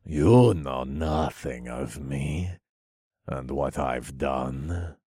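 A man's voice: breathy edge, dry recording, studio quality, heavily acted. A man doing a grisly, mad chained villain. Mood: sneering. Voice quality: low, grisly voice. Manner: slow, drawn-out menace bursting into shouts. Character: insane chained male sorcerer, menacing. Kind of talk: audiobook character voice.

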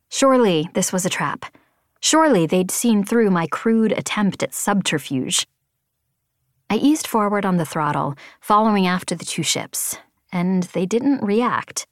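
A woman reading a novel aloud in the first person, with expressive, tense storytelling. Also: medium pitch, no room sound, clean studio sound. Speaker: audiobook narrator.

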